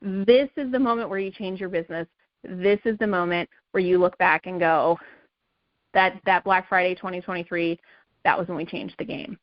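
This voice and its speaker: A woman's voice: fairly low pitch, steady tone, moderate pace, no room sound, highs cut off. A woman leading a sales team call, giving an emphatic motivational talk that keeps coming back to okay and right. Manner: emphatic, repetitive, pep-talk, says okay and right a lot.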